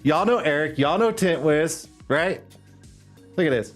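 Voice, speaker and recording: A man's voice: fairly high pitch, animated, measured pace. A man hosting a casual live stream, rambling and hyping up his chat with lots of "uh"s and laughs. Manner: loose, rambling, hype talk with frequent "uh" and laughs. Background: faint background music.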